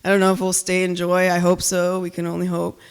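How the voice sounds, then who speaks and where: Intense woman poet, smooth clear voice. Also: on the low side, monotone, fast. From Cuba. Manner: loud, emphatic, intense delivery. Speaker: spoken word poet. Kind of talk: spoken word poetry performance with chatty asides. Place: live reading at an art gallery.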